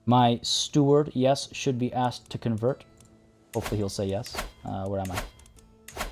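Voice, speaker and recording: A man streaming a strategy game live, talking through his choices out loud and chatting with his viewers. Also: mid-range voice, a little slow, faint music behind. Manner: chatty, reads chat aloud and thinks out loud.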